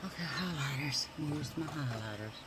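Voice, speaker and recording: A makeup vlogger with a deep voice tells rambling stories at a normal speed while doing her makeup at home. She's chatty and uses lots of fillers, and the recording is very noisy.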